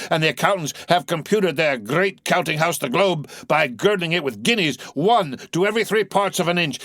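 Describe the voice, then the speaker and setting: A man's voice: fairly high pitch, a bit bright, dry recording, studio quality, pitched above the performer's own voice. A man playing vengeful old sea captain Ahab. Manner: impassioned, thundering, biblical speech.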